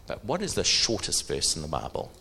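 A middle-aged man preaching a sermon, animated, asking the audience questions. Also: low voice, fairly quick, creaky, a little hiss or hum.

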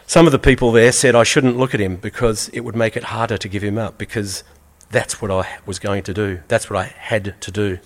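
Brief: man, fairly deep voice, earnest measured storytelling read aloud. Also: fairly even intonation. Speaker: reader. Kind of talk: reading a first-person story aloud.

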